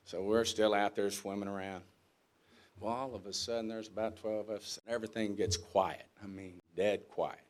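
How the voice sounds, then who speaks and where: A man's voice: fairly low pitch, moderate pace. Folksy man telling stories. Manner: folksy, animated, acts out quotes, laughs at his own story. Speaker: guest speaker. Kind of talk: storytelling speech.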